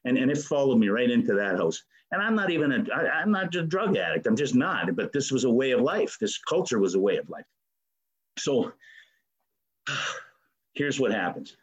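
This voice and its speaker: A man's voice: mid-range voice, big pitch swings, normal speed, low-quality recording. Earnest man telling his recovery story. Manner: earnest and emotional, with frequent stammered restarts; swears casually. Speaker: speaker sharing a recovery story. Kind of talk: personal testimony at a recovery meeting.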